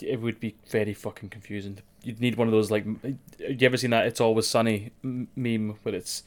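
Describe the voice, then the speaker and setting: A man's voice: lowish voice, level tone, fairly quick. A man hosting a podcast in casual chat, hesitant, restarting and swearing. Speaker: podcast host.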